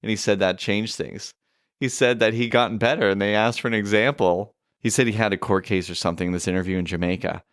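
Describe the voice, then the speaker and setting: A man's voice: on the low side, steady tone, quick pace, smooth, no echo, studio quality. A Canadian man co-hosting a podcast, chatting casually and laughing often. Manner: chatty, laughs often, reads lyrics aloud. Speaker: podcast co-host. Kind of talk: casual chat.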